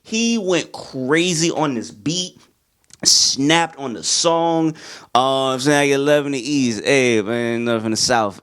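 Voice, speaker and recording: Excitable young man reviewing albums. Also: medium pitch, slow pace. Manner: loose and excitable, slangy, sings along to songs. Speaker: music reviewer. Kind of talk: casual album review talk.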